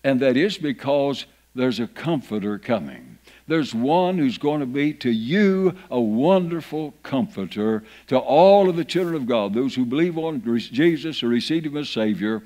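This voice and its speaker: A man's voice: medium pitch, lively intonation, normal speed, mellow. A man over fifty preaching a sermon in a church, reading scripture aloud with folksy asides. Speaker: pastor. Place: church sanctuary.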